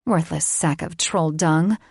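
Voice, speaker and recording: Brief: woman putting on a squeaky, worked-up little magical sidekick, dry close read. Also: slow, gravelly, slightly rough, dry recording, full character voice. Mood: excitable. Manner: shrill, excitable. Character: excitable shrieking little magical companion.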